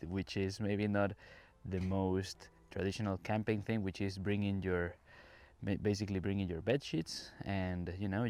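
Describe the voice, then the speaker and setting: An English teacher from a Caribbean island, speaking in a fairly low, slightly mellow voice with no room sound, hosts a casual podcast. He records on his phone while walking an outdoor campsite, chatting and explaining directly to listeners.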